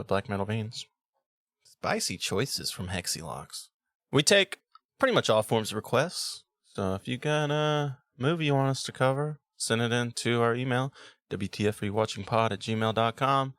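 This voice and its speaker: Casual podcast host, man, mid pitch, dry close mic, loose and swearing. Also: normal speed, fairly bright tone, no room sound. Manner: swears a lot and laughs often.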